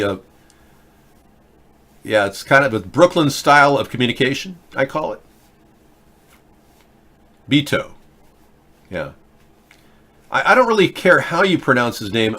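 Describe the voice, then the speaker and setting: A man with a medium-pitched, fairly bright voice hosts a live political video chat show. He talks bluntly and rambles, restarting his words as he answers and mocks viewers in the chat, all in casual live-stream fashion.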